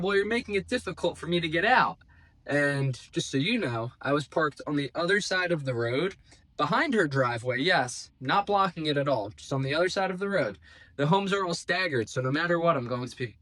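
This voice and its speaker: A man's voice: medium pitch, a bit bright. A man, a real estate agent, casually tells a story to camera. He acts out the quoted dialogue and drops dry, sarcastic asides. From South Jersey, United States.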